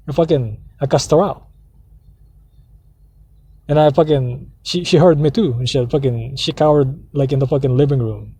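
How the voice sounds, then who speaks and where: A man's voice: mid-range voice, moderate pace, pauses often, mellow, slightly rough. Heated, profane man ranting from a car. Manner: profane, rambling, heated storytelling. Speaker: vlogger. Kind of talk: casual ranting monologue. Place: parked car.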